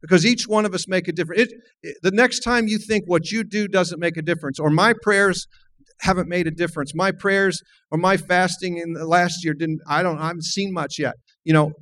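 A man's voice: sits high, fairly even intonation, a little fast, a bit bright, rough recording. A middle-aged man, a minister, preaching a sermon and telling a personal story in an earnest way. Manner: earnest, storytelling, frequent restarts.

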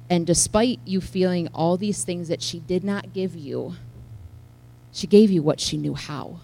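Woman with a gravelly low voice giving testimony. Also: normal speed, poor audio. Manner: heartfelt storytelling, swinging from hushed to loud. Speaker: church speaker sharing a testimony. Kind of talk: personal testimony to a congregation.

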